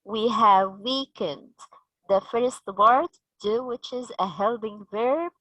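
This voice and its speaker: Slow-speaking Egyptian woman trainer. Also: a little high, sharp tone, dry recording, poor audio. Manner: slow, explanatory, quizzes the audience. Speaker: teacher trainer. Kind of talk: training session lecture.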